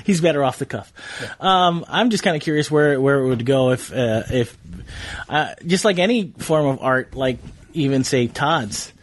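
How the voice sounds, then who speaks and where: Animated man hosting, dry close sound. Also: mid-range voice, moderate pace, no echo. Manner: animated, laughs often, rambling with fillers. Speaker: podcast host. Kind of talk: casual chat.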